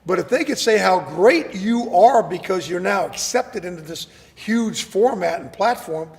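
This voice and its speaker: A man being interviewed as an actor guest, telling animated stories and often repeating words as he starts a sentence. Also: high-pitched, moderate pace, creaky, long reverb tail. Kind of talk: casual interview chat.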